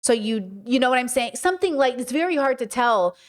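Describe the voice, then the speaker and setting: A woman talks through a commentary video in a loose, frank way. She pauses to restart her thoughts and often asks her listeners whether they follow. Her voice sits a little high. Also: lively intonation. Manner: frank, conversational, restarts and rhetorical questions. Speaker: commentary host. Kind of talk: casual commentary reacting to a clip.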